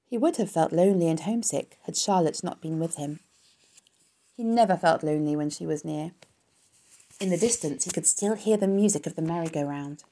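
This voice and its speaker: A woman reading a children's storybook aloud in a steady, even narration. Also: deep voice, a little fast.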